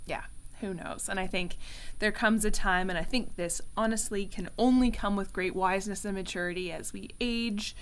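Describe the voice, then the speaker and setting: A Canadian woman hosting a podcast interview, agreeable and quick to laugh. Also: mid-range voice, steady tone, clear, resonant tone. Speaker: podcast host. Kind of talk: casual interview chat.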